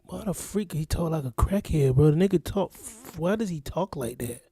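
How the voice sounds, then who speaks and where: A man from Florida talks through a reaction video in loose, repetitive casual commentary. His voice sits a bit high yet sounds very dark and mellow. The sound is close and dry. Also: animated, normal speed, breathy edge, dry recording. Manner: rambling, repetitive, exasperated. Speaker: reaction channel host.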